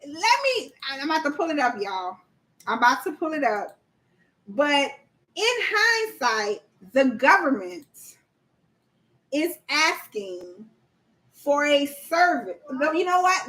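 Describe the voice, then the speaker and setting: A woman's voice: high-pitched, very animated, measured pace, fairly bright tone, low-quality recording. A woman hosting a casual livestream, chatty and slangy, quizzing viewers and reading their chat aloud. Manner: laughs often, slangy, addresses audience as y'all. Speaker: livestream host coaching on government contracts.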